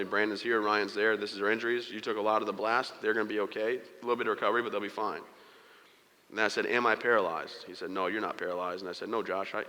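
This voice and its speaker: This motivational keynote comes from a man whose bright, forceful voice sits on the low side, moving at a quick clip. Joking as he recounts his story, he acts out the other characters, all ringing with the long reverb of a large hall full of listeners.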